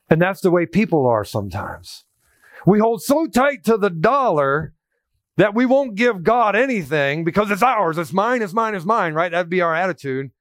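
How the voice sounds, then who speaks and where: A man preaching a sermon, emphatic and animated, quoting scripture with a raised voice. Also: sits high, dry recording, studio quality. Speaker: pastor.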